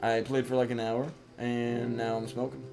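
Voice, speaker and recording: Relaxed young man streaming a game. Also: medium pitch, moderate pace. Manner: relaxed, rambling storytelling. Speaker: live streamer. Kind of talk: casual chat while gaming. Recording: music playing behind.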